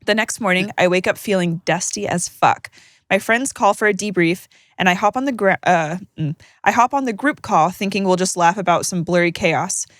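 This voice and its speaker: A woman co-hosting a podcast, reading listener stories aloud with joking, animated banter. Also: on the low side, moderate pace, no echo, clean studio sound. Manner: animated, joking, laughs mid-sentence. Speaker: podcast co-host.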